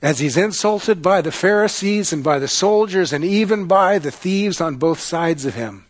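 Guy preaching a sermon, goes loud then drops way down quiet, dramatic storytelling. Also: a little high, expressive, moderate pace. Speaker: pastor.

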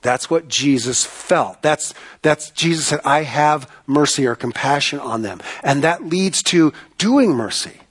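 A man delivering a sermon with a fairly high voice. He presses his points by repeating phrases and firing rhetorical questions at the congregation, earnest and emphatic throughout. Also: lively intonation, a little slow, hardly any pauses, husky. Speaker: pastor.

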